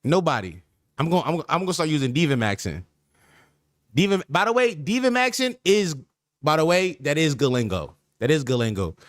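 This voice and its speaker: A man's voice: on the high side, sing-song, fairly quick, no echo, studio quality. A man hosting a podcast stream in casual chat, riffing with slang in a repetitive, joking, mock-sincere way. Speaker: podcast host.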